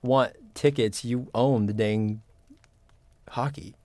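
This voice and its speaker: A man's voice: mid-range voice, fairly even intonation, slow, mellow, no room sound, studio quality. A man hosting a livestream, singing along to karaoke and chatting playfully with viewers, laughing often. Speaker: livestream host.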